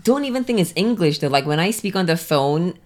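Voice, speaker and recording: Playful Singaporean woman in her thirties, lower pitch, very animated delivery; laughs often. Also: a little fast. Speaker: podcast guest, comedian. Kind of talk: casual chat.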